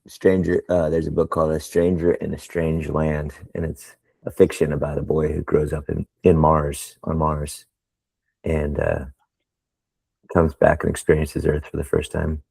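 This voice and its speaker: Very deep, gravelly-voiced man, warm dark tone, storyteller in a group chat. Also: unhurried, no room sound. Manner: animated storyteller, mimics baby talk. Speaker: discussion group member. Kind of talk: casual spiritual group discussion.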